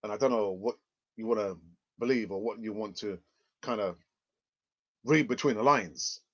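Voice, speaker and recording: Over dull, lo-fi stream audio, a football channel host talks through the news live in a chatty, rambling way, tossing in sarcastic remarks. His voice is on the low side, a bit bright, and moves at a moderate pace.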